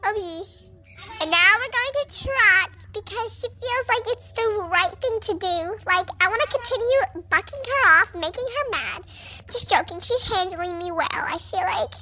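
A woman's voice: very high-pitched, expressive, moderate pace, background noise. A woman voicing a cheeky young mare, a project pony, chatting playfully in a teasing comic voice-over with lots of "like".

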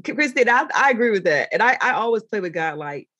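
A woman chatting as an interview guest, telling animated stories and jumping into excited, high quoted voices. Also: fast, muffled recording. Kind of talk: casual interview chat.

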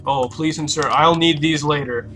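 Young man, horror let's play commentary, bright forceful voice, slightly high, crude jumpy outbursts. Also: fairly even intonation, moderate pace. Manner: loud, profane, jumpy reactions. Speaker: gaming YouTuber.

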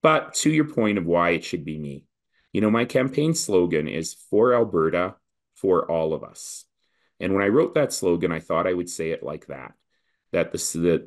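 A Canadian man with a very deep, low voice appears as a political candidate in a podcast interview. He's animated and persuasive, building his points with rhythmic repetition like a campaign speech.

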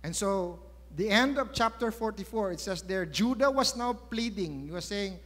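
A high-pitched Filipino man delivers a sermon in a big church hall, and long reverb trails each phrase. He tells the story emphatically, stopping to put rhetorical questions to his listeners. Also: expressive, moderate pace, fairly bright tone. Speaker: preacher.

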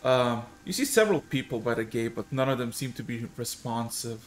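A man's voice: medium pitch, expressive, fairly quick, slight background noise. Hesitant man narrating a tabletop game. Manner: rambling, hesitant with many fillers. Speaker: game master.

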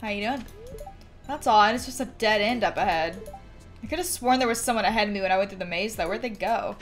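A woman chatting casually as she streams a game, reacting out loud and talking to her chat. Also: mid-range voice, fairly quick, faint music behind.

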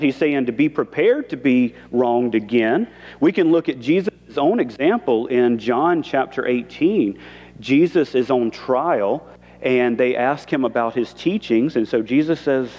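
A man's voice: mid-range voice, expressive, moderate pace, darkish tone, highs cut off. Male pastor, conversational sermon with acted quotes; church hall echo, muted audio. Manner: conversational preaching, acts out quoted lines. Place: church sanctuary.

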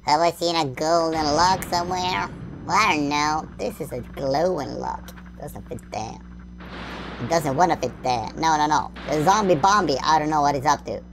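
A woman plays a video game and chats playfully with herself, humming and inventing nonsense words in a silly, sing-song way. Her voice is low, her pace moderate, and there's background noise behind her commentary.

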